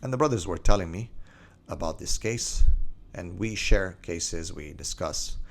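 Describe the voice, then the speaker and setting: A man who works as an Islamic life coach, telling a story in a lively, scattered way with many asides. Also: sits low, a little slow, slight background noise. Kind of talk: storytelling monologue.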